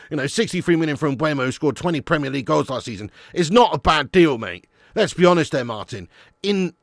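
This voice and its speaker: A man's voice: fairly high pitch, creaky, no room sound, clean studio sound. A man hosting a live football fan stream, talking bluntly and casually, swearing and calling viewers "lad" and "mate". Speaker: football channel host.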